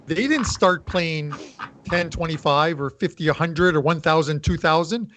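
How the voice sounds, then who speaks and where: A man on a betting panel giving measured advice, hesitant and full of fillers. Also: on the high side, a bit bright. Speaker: panelist handicapper. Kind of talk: casual betting panel talk.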